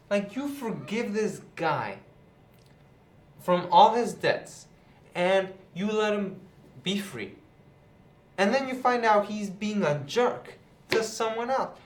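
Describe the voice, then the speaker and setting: A young man retelling a Bible parable in a chatty, casual way, seated indoors. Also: high-pitched. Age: young adult. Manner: chatty, with many fillers like "you know" and "right". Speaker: youth Bible teacher, channel host. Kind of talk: casual Bible lesson to camera. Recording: roomy echo.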